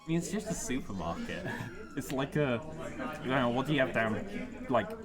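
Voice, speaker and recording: Chatty British man, lively pitch. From United Kingdom. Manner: chatty, laughs often, quick self-corrections. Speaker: co-host of a charity gaming stream. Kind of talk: casual chat. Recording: music playing underneath.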